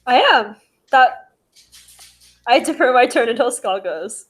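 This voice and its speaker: Woman, tabletop player, lively pitch, drawn-out speech. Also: faint music behind. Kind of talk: casual tabletop play.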